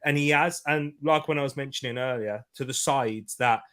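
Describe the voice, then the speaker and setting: A man co-hosting a casual football podcast, animated and quick to laugh, often restarting his sentences. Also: mid-range voice. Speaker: podcast co-host.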